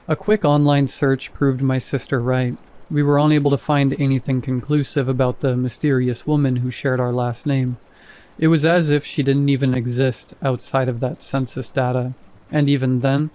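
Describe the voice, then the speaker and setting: A man reads a first-person horror story in calm, measured narration. His voice is mellow and warm, with a middle pitch.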